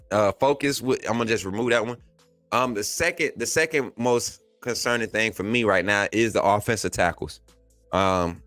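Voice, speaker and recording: An animated man with a thick Southern Alabama accent hosts a live stream, chatting casually and laughing as he answers viewers. His mid-pitched voice swings lively up and down, recorded close and dry with faint music underneath. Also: no room sound. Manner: animated, laughs often, reads and answers chat comments. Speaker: host of a live sports stream.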